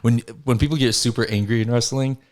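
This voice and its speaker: A man's voice: mid-range voice, fairly even intonation, fast. A young adult man hosting a podcast, telling stories in casual chat, swearing freely and laughing as he talks. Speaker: podcast host.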